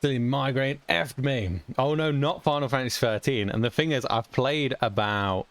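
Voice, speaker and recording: A man's voice: medium pitch, normal speed, a bit bright, no echo. A young British man chatting casually while streaming a game, rambling and chuckling often with mild cursing. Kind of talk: casual chat while gaming.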